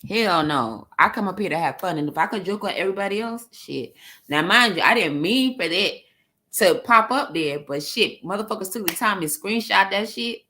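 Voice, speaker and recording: A woman's voice: medium pitch, lively intonation, normal speed, bright, forceful tone. A woman with a New York accent chatting on a panel, blunt and profane, laughing often. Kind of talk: casual panel chat.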